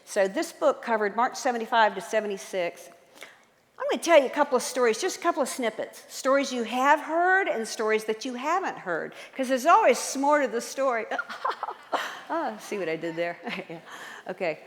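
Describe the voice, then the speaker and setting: A woman author, appearing as a guest speaker, gives an enthusiastic history talk to a live audience in a large church hall, frequently quizzing them. Her voice is on the high side with big pitch swings at a moderate pace, and long hall reverb surrounds it.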